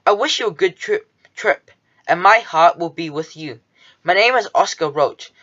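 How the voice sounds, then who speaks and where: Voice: medium pitch, animated, moderate pace, fairly bright tone, dull audio. A reader voicing a small, devoted male cockroach who speaks earnestly and wistfully.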